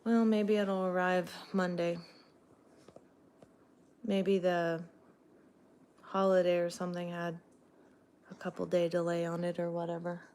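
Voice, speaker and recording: A woman's voice: lowish voice, level tone, unhurried, long pauses, darkish tone, clean tone. A woman truck driver from Texas, chatting casually on a livestream in a sarcastic, swearing manner.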